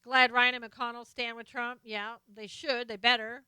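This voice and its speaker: A woman's voice: fairly high pitch, flat delivery, moderate pace, bright, forceful tone, clean tone, no echo. A woman hosting a live stream, casually chatting about politics and answering viewer comments as she reads them out. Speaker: live stream host reading chat.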